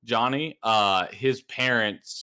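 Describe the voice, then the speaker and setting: A man with a bright, forceful voice, co-hosting a casual podcast. He tells stories in an animated way and leaps up in pitch when he imitates others. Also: slow pace, clear, resonant tone. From New Mexico. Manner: animated storytelling, jumps high to mimic others. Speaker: podcast co-host. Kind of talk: casual chat.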